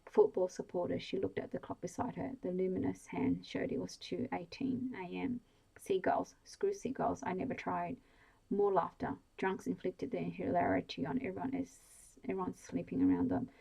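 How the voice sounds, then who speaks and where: A woman reading a bedtime story aloud in a soft, hushed ASMR style, slow and even. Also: on the low side, vocal fry, breathy edge, low-quality recording.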